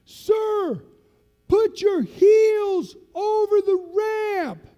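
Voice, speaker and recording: A man voicing a gruff, teasing male master sergeant who barks orders at a jumper and laughs at him. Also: extremely high pitch, slow pace, mellow, long reverb tail, dull audio, faint music behind, pitched above the performer's own voice. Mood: commanding. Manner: barking orders, mocking and laughing.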